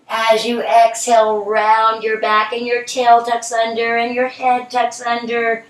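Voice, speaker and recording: A middle-aged woman guiding a children's yoga class in a gentle, encouraging, playful way. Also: a little high, completely flat delivery, a little slow, few pauses. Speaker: yoga instructor. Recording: echoey room, from a distance.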